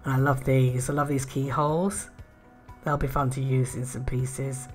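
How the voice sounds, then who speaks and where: A woman chatting casually in a craft haul video, gushing with soft admiring murmurs and little laughs. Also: extremely low pitch, flat delivery, normal speed, faint music behind. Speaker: art and craft vlogger.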